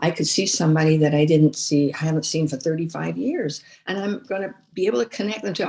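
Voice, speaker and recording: An older woman from the United States, a veteran fundraiser, telling lively stories in a podcast interview with frequent restarts. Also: medium pitch, a little fast, few pauses. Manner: storytelling, animated, many restarts and repeated words. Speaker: guest, former chief fundraiser.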